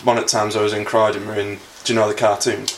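Dry-witted man, lowish voice. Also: little pitch movement, rapid-fire, a little hiss or hum. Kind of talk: casual storytelling.

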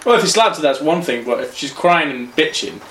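A man's voice: a little high, animated, fairly quick, fairly bright tone. A man with a blunt, crude, provocative way of talking, in casual banter. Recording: echoey room, off-mic, noisy.

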